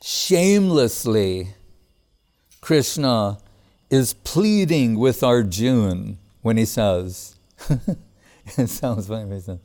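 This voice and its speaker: A man giving a casual spiritual talk. He speaks in a relaxed, conversational way, chuckles often, and recites Sanskrit verses between plain remarks. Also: on the low side, slow pace, long pauses. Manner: relaxed and conversational, with frequent "like" and "you know". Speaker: spiritual teacher.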